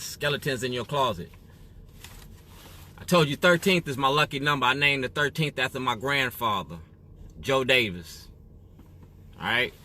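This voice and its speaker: A man's voice: mid-range voice, sharp tone. A man from Illinois speaking straight to camera in an emphatic monologue. He keeps asking "you feel me?". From Waukegan area, Illinois, US. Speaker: activist.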